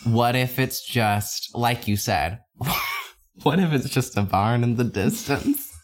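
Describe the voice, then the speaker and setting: A man's voice: medium pitch, animated, slow. A man co-hosting a podcast in casual chat, joking absurdly and laughing often. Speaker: podcast co-host.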